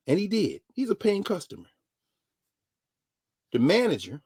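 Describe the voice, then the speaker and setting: A middle-aged man, a professor telling a story dramatically, dropping to a hush and rising to shouts as he quotes people. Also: a little high, big pitch swings, measured pace, long pauses, husky, dry recording, studio quality. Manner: dramatic retelling, voicing others in quotes, swinging from hushed to shouting. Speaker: professor and regular guest. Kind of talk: animated storytelling lesson.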